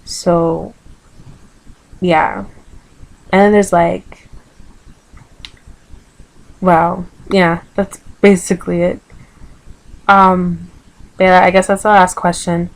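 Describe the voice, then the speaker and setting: A woman's voice: on the low side, little pitch movement, extremely slow, vocal fry, long pauses, low-quality recording. A woman with a Vincentian accent chatting casually in a vlog, hesitant, with many ums, on a computer microphone. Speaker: vlogger. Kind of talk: casual accent tag video.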